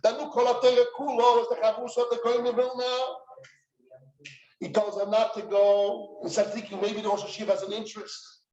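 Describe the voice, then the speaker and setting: Yeshiva head, animated storytelling lecture, very high voice; dull sound. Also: male voice, fairly quick. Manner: animated, dramatic retelling. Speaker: rosh yeshiva. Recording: echoey room, dull sound.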